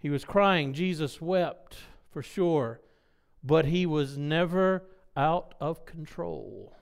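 A man's voice: on the high side, expressive, slow pace, vocal fry, smooth. A man preaching a sermon, asking the congregation rhetorical questions and acting out sounds. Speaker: pastor.

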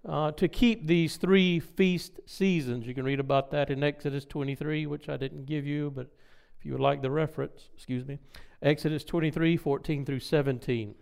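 Male pastor, sermon-style teaching, emphatic, fairly high smooth voice. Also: steady tone, a little mellow. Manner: emphatic, slows and stresses key words, asides to the congregation. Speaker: pastor teaching a Bible study.

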